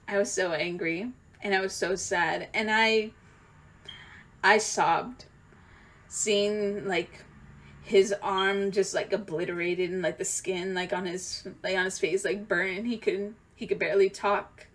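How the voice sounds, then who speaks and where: A woman's voice: medium pitch, measured pace. Rambling, emotional young woman vlogger. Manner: rambling, emotional, many fillers and restarts; swings from loud excited outbursts to quiet near-tearful talk. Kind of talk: rambling story time.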